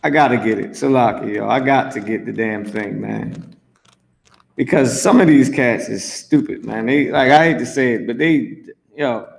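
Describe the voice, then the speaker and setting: A man's voice: medium pitch, moderate pace, creaky. A man reading scripture aloud and commenting on it in a brash, profane, mocking way, teaching an online class. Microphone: streamed voice chat.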